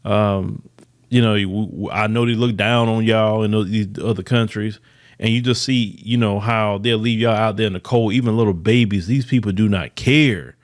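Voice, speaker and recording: A man's voice: lowish voice, steady tone, moderate pace. A man hosting a podcast, giving emphatic news commentary, reading reports aloud and repeating words for stress. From United States. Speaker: podcast host.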